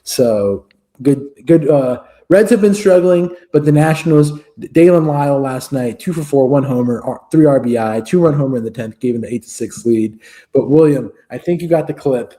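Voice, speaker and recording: A man's voice: mid-range voice, moderate pace, mellow. A man co-hosting a sports podcast in casual chat, joking and rambling with fillers. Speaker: podcast co-host.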